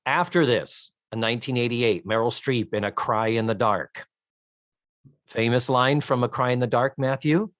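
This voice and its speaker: A man's voice: fairly low pitch, fairly bright tone, dry recording, clean studio sound. A middle-aged man hosting a podcast, chatty and wry, swearing offhandedly while he reads out a synopsis. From United States. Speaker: podcast host. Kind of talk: casual chat and reading a synopsis.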